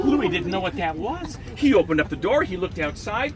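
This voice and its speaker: A man telling an interactive folk tale to an audience at an outdoor event, animated and drawing listeners in. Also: sits high, moderate pace. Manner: animated, teaching the audience gestures and sounds. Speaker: historical reenactor storyteller. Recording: outdoor street and traffic noise.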